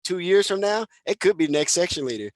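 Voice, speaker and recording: A man, a band director, moderating an online panel in an emphatic, encouraging way and slowing down to stress his points. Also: high-pitched, animated, no room sound.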